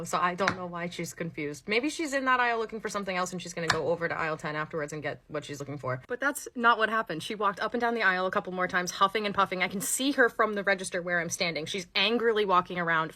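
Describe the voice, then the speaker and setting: A young woman telling sarcastic, animated comedy stories about her old retail job. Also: medium pitch, a little hiss or hum. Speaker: storyteller, former store worker. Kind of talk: comedic storytime skit.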